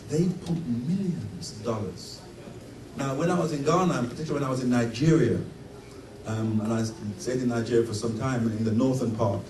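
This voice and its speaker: A middle-aged man giving an emphatic sermon at a conference, his voice swelling to loud peaks. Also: mid-range voice. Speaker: conference speaker. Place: conference hall. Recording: roomy hall, distant mic, faint noise.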